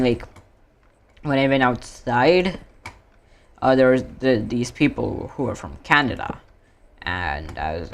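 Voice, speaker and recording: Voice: mid-range voice, creaky, slight background noise. Rambling streamer from India. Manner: rambling, self-correcting, drawn-out fillers. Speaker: gaming streamer. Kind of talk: casual gaming stream chat.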